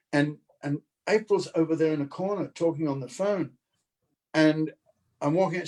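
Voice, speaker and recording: An older man telling a lively showbiz anecdote over a video call, acting out the other people's voices as he goes. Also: on the high side, brisk, rough recording. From Australia. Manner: animated storyteller acting out voices. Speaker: guest actor.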